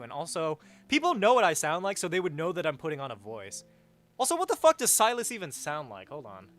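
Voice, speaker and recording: Lively, slightly high young male streamer. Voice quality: says his voice is vaguely raspy. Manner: rambling, self-deprecating, swears casually. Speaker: livestream host. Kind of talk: casual stream chat, reading chat aloud. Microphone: headset or desk mic with headphones.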